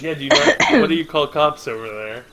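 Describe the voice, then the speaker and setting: A man's voice: on the high side, huge pitch swings, fairly quick, vocal fry, crowd noise. A man hosting a casual game stream, chatting playfully and spinning absurd jokes.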